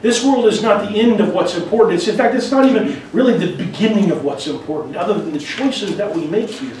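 A man with a fairly high voice preaches a sermon in an earnest, conversational manner, often stopping to restart a phrase. He is recorded from a distance in a church sanctuary. Heavy echo fills the sound, and faint noise sits underneath. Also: brisk, a little mellow. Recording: very echoey hall, mic far off.

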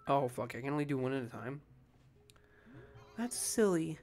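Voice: medium pitch, expressive, normal speed, long pauses, a little mellow, faint music behind. A let's-play commentator chatting casually at home over gameplay, drowsy and rambling with frequent swearing. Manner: sleepy, profane, rambling.

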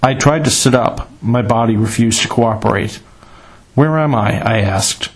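A man reading a first-person adventure story in a measured, dramatic storytelling manner. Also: medium pitch, slightly rough, rough recording. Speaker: narrator.

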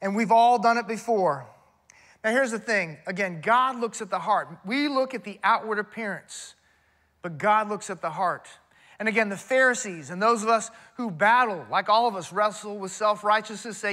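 A man's voice: high-pitched, normal speed, pushed and bright. A man preaching a sermon in a church, emphatic and conversational, often addressing the crowd as y'all. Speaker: pastor.

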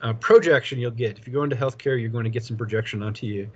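Guy lecturing a college class, kinda husky, laid back and rambly, muffled lo-fi audio. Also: mid-range voice, fast talker. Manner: rambling, chuckles often, tells anecdotes. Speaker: college instructor.

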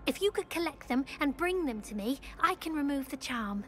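A woman's voice: sits high, lively intonation, normal speed, a little hiss or hum. An actress voicing a young female student in a video game, polite and confiding about her lost diary. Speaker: game character.

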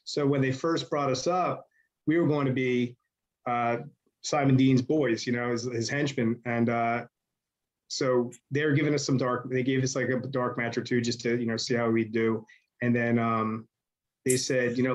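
A man's voice: medium pitch, little pitch movement, normal speed, lo-fi sound. A man telling stories as an interview guest in a casual, rambling way, with lots of fillers.

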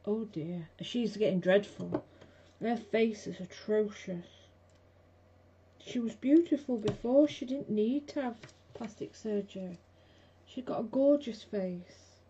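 Slow and warm at medium pitch, a chatty, blunt woman hosts a live craft stream from her home craft room, talking with viewers as she works through a casual demo. The recording is dull lo-fi with faint background hiss.

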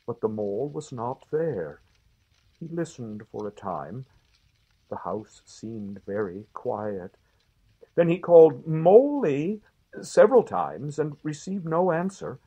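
A man reading a classic children's story aloud for his family with gentle, expressive storytelling. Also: medium pitch, takes it slowly, breathy edge, rough recording. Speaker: reader.

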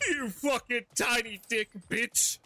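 A man voicing a furious disembodied male god's head who spits drawn-out insults. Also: very high voice, sharp tone, a little hiss or hum, voice pushed up, heavily acted. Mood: furious, insulting. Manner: spitting insults, drawn-out words.

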